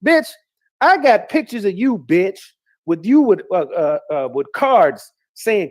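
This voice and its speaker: A man's voice: high voice, lively intonation, moderate pace, a little mellow. A middle-aged man ranting heatedly as a YouTuber, repeating insults and swearing constantly. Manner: heated, profane, repetitive insults. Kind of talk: angry rant.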